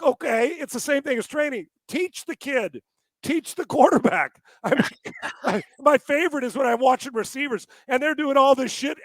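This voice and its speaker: A man co-hosting a sports talk podcast, ranting with lots of swearing, laughing often and breaking into shouts. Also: very high-pitched, no room sound. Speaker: podcast co-host.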